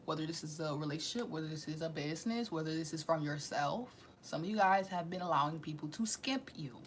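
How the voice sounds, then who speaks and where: A woman's voice: sits low, fairly quick, a little hiss or hum. A woman doing a casual tarot reading in slangy, profane speech, with sudden drops into whispers. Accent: Southern US. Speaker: tarot reader.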